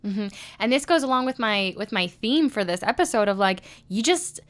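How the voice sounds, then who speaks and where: A woman's voice: medium pitch, animated, normal speed. A woman hosting an interview, chatty and enthusiastic, leaning on "like" as she talks. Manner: chatty, enthusiastic, many "like" fillers. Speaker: podcast host. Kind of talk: casual interview chat.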